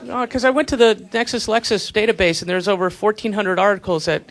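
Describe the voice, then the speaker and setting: A high-pitched man from the United States works a comedy club stage at a quick pace and in a steady tone, ranting profanely and sarcastically with mocking whispered asides. The live club recording includes a laughing audience, audience murmur, and faint noise.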